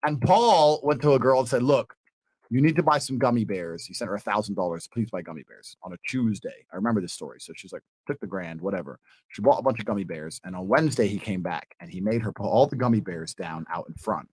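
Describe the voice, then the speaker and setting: A man in his thirties, a podcast guest, telling a story with animated energy, swearing freely and acting out the people in it. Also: lowish voice, fast talker, slightly rough, dry recording. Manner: acts out quoted voices, swears freely.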